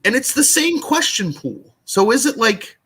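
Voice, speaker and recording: A man's voice: extremely high pitch, very animated, a little slow, a bit bright, breathy edge. A young man co-hosting a live podcast, chatting casually and rambling with lots of "like". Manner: rambling, heavy use of "like". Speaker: podcast co-host. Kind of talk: casual chat about a trivia competition.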